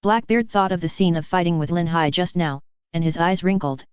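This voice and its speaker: A woman narrating a fanfiction audiobook in a steady, even read-aloud manner. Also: on the low side, a little fast, clean tone, no room sound, muffled recording.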